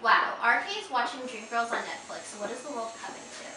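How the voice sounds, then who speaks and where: A woman's voice: on the high side, animated, a little fast. A woman interviewing a band, reading out quotes for a guessing game with a giggly, casual manner. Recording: echoey, distant, noisy room.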